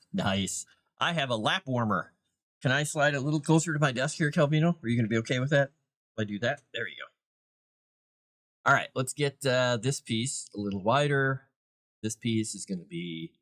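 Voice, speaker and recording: A man's voice: mid-range voice, animated, moderate pace, pauses often, a bit bright. A man hosting a casual live stream, thinking aloud as he works and chatting to viewers and his cat. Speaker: author and live-stream host.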